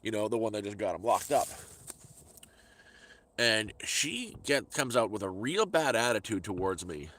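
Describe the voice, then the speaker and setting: A man's voice: lowish voice, expressive, moderate pace, a bit bright. A middle-aged man telling a story in a casual vlog, exasperated and ranting, often repeating words as he talks into a phone he holds. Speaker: vlogger. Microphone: phone held by hand.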